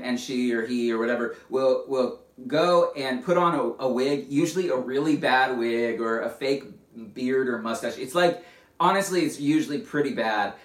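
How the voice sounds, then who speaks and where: A man preaching a sermon as a pastor, conversational and animated, often restarting his phrases. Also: medium pitch. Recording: echoey room, distant mic.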